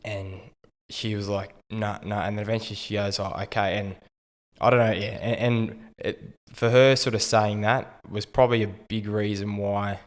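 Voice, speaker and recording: An Australian man in his thirties, a retired rugby league player, telling his story in a relaxed, understated way with frequent ums. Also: lowish voice, moderate pace, big-room sound. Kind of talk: casual interview storytelling.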